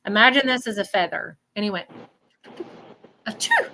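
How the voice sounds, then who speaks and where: A woman's voice: mid-range voice, quick pace, pushed and bright, slight background noise, poor audio. A woman working as a psychic medium, giving a live reading in a chatty way and checking in with 'okay?'.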